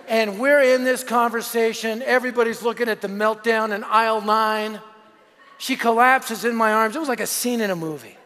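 A middle-aged male pastor preaching a sermon, telling stories with lively swings between shouted lines and hushed asides. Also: very high-pitched, moderate pace. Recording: long hall reverb.

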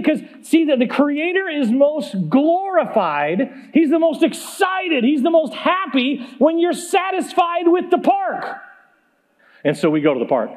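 High-voiced, animated preacher man. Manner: animated, comic, laughs at himself. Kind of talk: storytelling sermon.

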